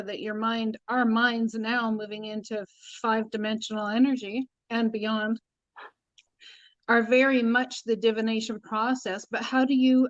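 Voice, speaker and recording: A woman's voice: a little high, dry recording, dull audio. A woman hosting a casual spiritual chat about tarot, speaking earnestly and acting out quoted inner voices. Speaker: tarot reader and host.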